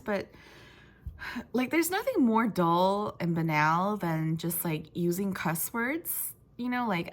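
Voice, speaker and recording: A woman book vlogger in casual chat to camera, talking in a chatty way with many fillers and laughs between thoughts. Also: medium pitch.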